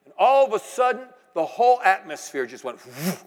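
High-voiced animated preacher in a hall. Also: male voice, a little fast. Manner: animated storytelling, swings between loud exclamations and hushed asides. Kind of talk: sermon. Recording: long reverb of a large hall.

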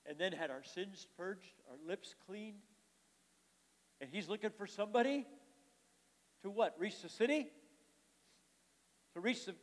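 A man preaching a sermon, reading scripture aloud and questioning the congregation, his volume swinging from emphatic to quiet. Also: high-pitched. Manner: reads scripture aloud, then explains it with rhetorical questions to the congregation; swings between loud emphatic lines and soft, quiet asides. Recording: long hall reverb.

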